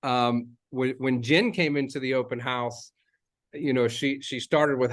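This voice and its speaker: A man's voice: mid-range voice, fairly even intonation, measured pace. A man, a real estate agent, giving a casual coaching talk, rambling and chatty with many fillers and restarts, repeating key phrases for emphasis.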